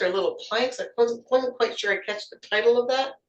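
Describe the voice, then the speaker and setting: A woman's voice: fairly high pitch, a little fast, recorded from a distance, dull audio. A woman giving encouraging feedback on impromptu speeches at a club meeting, often repeating words as she finds her phrasing. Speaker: table topics evaluator. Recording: echoey room, voice from away from the mic.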